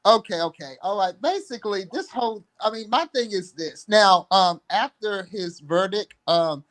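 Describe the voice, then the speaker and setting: A man's voice: sits high, lively intonation, moderate pace, fairly bright tone. Hesitant young man on a livestream. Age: young adult. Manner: hesitant, many fillers and restarts. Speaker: guest. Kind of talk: casual livestream chat.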